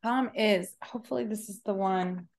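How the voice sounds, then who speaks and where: A woman's voice: medium pitch, normal speed. Laid-back woman podcast co-host. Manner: laid-back, brief replies, dry humor. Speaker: podcast co-host, social worker. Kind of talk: casual chat.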